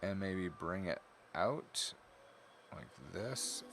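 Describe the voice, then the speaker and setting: Low-voiced tired man streaming his drawing. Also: extremely slow, fairly bright tone, faint music behind. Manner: rambling, self-correcting, chatty. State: tired, yawning. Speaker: digital artist streaming. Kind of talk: casual live-stream commentary while drawing.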